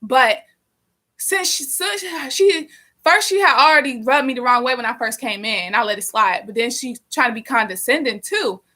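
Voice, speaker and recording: A young woman telling a story casually during a live stream, animated and profane, rambling with lots of fillers. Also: on the high side, moderate pace.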